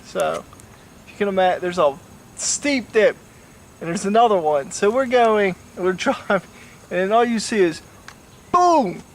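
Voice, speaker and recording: A man's voice: high voice, normal speed. A drunk young man rambling through a story, swearing and pointing out places to the camera. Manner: rambling, profane, tipsy. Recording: distant mic, faint noise.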